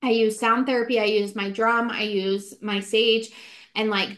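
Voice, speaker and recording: Earnest woman podcaster, slightly high voice. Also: steady tone, a little slow, fairly bright tone. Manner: earnest, matter-of-fact about spirits. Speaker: podcast co-host. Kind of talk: casual chat. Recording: roomy.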